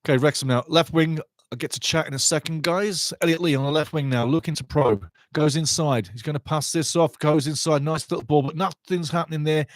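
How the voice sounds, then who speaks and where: Man, fan watch-along commentator, high-ish voice, dry close sound, excitable, chatty. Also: a little fast, no room sound. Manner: passionate, chatty, talks to viewers, shouts at goals. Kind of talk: excitable live match commentary.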